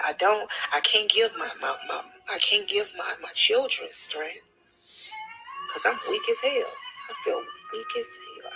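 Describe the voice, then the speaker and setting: A woman speaking as a distraught grieving mother, gravelly. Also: mid-range voice, low-quality recording. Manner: halting, repeating herself, swinging between near-whisper and raised voice. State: distraught, on the edge of tears. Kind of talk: emotional personal testimony.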